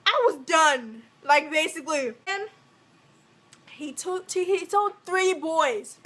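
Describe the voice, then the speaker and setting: A young woman from Africa, a vlogger telling a storytime tale, acting out the quotes as she goes. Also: high-pitched. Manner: animated, acts out every quote. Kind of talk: storytime vlog.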